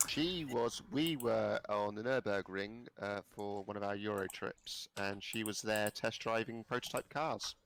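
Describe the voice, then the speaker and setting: Low gravelly guy, wry and laid-back, faint hiss behind. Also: unhurried, hardly any pauses, fairly bright tone. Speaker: gaming stream guest. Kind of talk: casual banter while playing.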